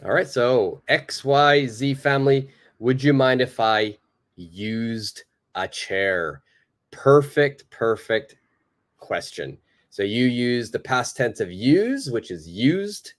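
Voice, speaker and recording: Slow, lively-voiced male English teacher. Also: mid-range voice. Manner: patient, slow and clearly spoken, repeating example sentences. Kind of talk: live online English lesson.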